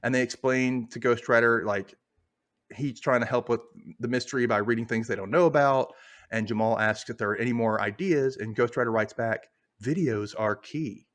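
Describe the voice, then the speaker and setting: On his laid-back podcast, a host with a medium-pitched voice speaks fairly quickly. He recaps scenes in a lively way, performing what each character says.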